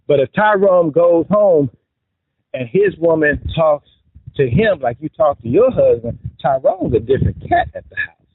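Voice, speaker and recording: A man talks through relationship advice in a lively, chatty monologue, with a fairly high, husky voice. His pitch swoops up and down as he makes his points and drops in jokes. The sound is dry and tinny, like a phone line. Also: no echo. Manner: animated and chatty, mixes in joking asides. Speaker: vlogger giving relationship advice.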